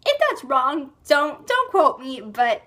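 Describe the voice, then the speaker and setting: High bright chatty woman with a stuffy cold. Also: very animated, takes it slowly. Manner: chatty and rambling, many fillers like "like" and "um". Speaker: beauty and lifestyle vlogger. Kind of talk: casual monthly favorites rambling.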